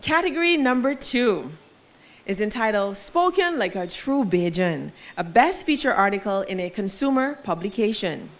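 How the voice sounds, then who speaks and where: A woman's voice: mid-range voice, very animated, normal speed. A woman presenting at an awards ceremony, reading out entrants and announcing winners with building emphasis.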